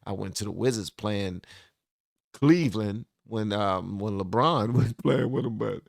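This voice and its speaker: A man with a low, gravelly voice hosts a reaction video in a relaxed, chatty way. The sound is dry and close, with faint music underneath. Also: measured pace, dry recording. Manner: relaxed, chatty, many fillers. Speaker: reaction channel host. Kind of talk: casual reaction commentary.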